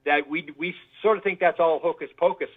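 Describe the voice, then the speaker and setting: A man's voice: fairly high pitch, a little fast, breathy edge. A man, a guest in an interview, telling stories in a rambling way, often repeating words. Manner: rambling, repeats words, acts out quoted voices. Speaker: guest researcher. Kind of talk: casual interview storytelling. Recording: tinny phone line.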